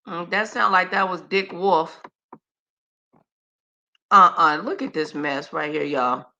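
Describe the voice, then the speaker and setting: Brief: woman streamer, bright tense tone, slangy, talks to her viewers. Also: lowish voice, slow pace, lo-fi sound. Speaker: livestream host. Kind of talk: casual reaction commentary.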